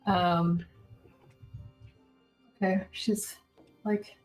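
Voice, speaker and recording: A woman's voice: fairly low pitch, fairly even intonation, measured pace, faint music behind, poor audio. A woman playing a tabletop game, asking direct, practical questions. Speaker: player. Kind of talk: casual tabletop play.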